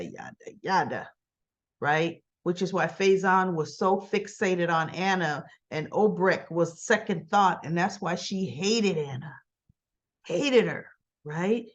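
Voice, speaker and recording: A woman with a fairly low voice recaps a soap opera in a lo-fi recording, casual and sassy. She addresses the characters directly, peppering her talk with rhetorical questions and tag questions.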